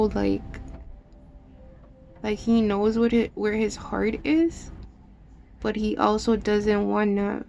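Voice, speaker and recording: A woman's voice: mid-range voice, gravelly, darkish tone, a little hiss or hum. A woman giving a casual tarot reading in a loose, emotional way, swearing often and saying "like" a lot. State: teary at times. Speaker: tarot reader.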